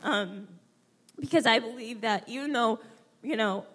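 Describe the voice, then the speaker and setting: A young woman speaking at a church gathering, heartfelt and halting as she fights back tears. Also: a little high, a bit bright, a little hiss or hum. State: close to tears. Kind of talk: emotional tribute at a church women's gathering.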